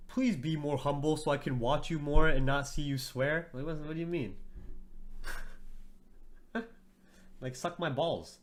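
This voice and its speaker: Hosting a trading livestream, a young man talks to his chat in a brash, profane, mocking way, laughing often. His voice is medium-pitched.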